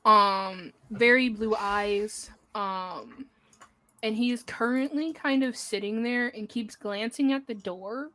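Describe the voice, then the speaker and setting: A woman's voice: fairly high pitch, pushed and bright, low-quality recording. A woman describing her tabletop game character at an easy pace, with fillers. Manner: unhurried, with fillers. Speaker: player.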